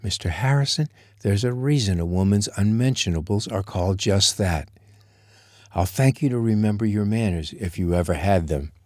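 A man's voice: lowish voice, animated, brisk, hardly any pauses, dark tone, no room sound, studio quality, natural voice. A man voicing a proud, prim young lady who speaks in a haughty, formal way. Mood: indignant.

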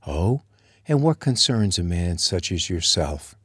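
A man's voice: sits low, big pitch swings, measured pace, fairly bright tone, breathy edge, dry recording, studio quality, heavily acted. A man putting on a prim, haughty young lady. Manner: haughty, formal.

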